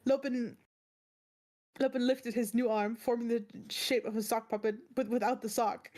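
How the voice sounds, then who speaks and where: A woman's voice: fairly high pitch, steady tone, normal speed, a little mellow. A woman hosting a book club read-along, reading aloud with frequent laughs and self-corrections. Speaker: book club host, reader.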